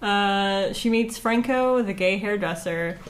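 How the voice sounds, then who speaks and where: A woman's voice: mid-range voice, takes it slowly. A woman co-hosting a podcast, recapping a book in a blunt, sarcastic, casual way. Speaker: podcast co-host. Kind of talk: casual chat and chapter recap.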